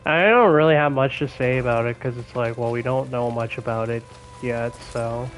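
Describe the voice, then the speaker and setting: A young man chatting casually while streaming a game, excitable and swearing a lot, with laughs between his words. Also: medium pitch, moderate pace, faint music behind, low-quality recording. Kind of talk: casual gaming stream chat. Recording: faint background noise.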